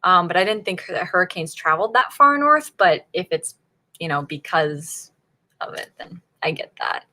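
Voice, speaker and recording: A woman's voice: on the low side, sing-song, moderate pace, sharp tone. A woman from Northern Virginia, hosting a writing-sprint livestream and chatting casually with viewers, laughing often as she reacts to chat. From Northern Virginia, USA.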